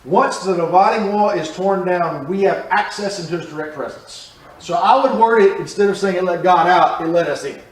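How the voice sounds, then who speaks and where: High-voiced man teaching Bible study in an echoey room. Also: moderate pace, hardly any pauses. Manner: conversational, asks the class questions. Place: church room. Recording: roomy, from a distance.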